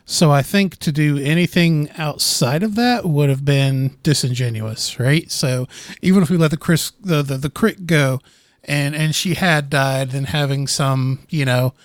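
A man's voice: fairly high pitch, a little slow, no room sound. Thoughtful man, dry close sound. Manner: thoughtful, stammering restarts. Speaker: player. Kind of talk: podcast discussion.

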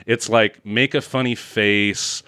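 A man co-hosting a casual movie review chat, sarcastic and animated, acting out scenes mockingly. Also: lowish voice, slow pace, clear, resonant tone, dry recording, clean studio sound. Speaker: podcast co-host.

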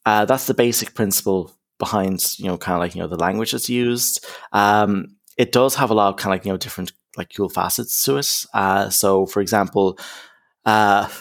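A man's voice: on the low side, steady tone, moderate pace. A young man, a counsellor, talking casually in an interview, emphatic, with lots of "you know" and "okay?". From Ireland. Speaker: counsellor, podcast guest.

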